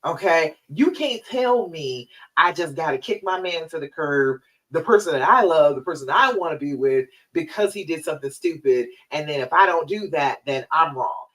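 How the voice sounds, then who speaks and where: A woman's voice: sits low, expressive, moderate pace, few pauses, distant mic, rough recording. A woman relationship coach giving a live-streamed talk, emphatic and direct, repeating her key points.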